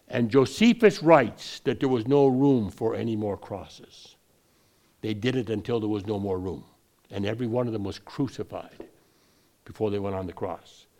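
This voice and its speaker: Delivering a sermon, this man speaks at medium pitch with a darkish tone. His talk wanders with frequent restarts, and his voice rises forcefully whenever he drives home a main point.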